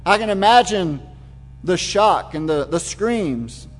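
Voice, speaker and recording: A man's voice: high-pitched, animated, takes it slowly, faint music behind. A man preaching a sermon, retelling the scene in vivid, imaginative detail. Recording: long hall reverb.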